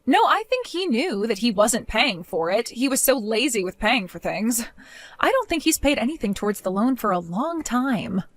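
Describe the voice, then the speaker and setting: A woman voicing a defiant, mocking young daughter-in-law in an animated story, speaking in a sarcastic way. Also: fairly high pitch, normal speed. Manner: sarcastic, mocking, laughs often.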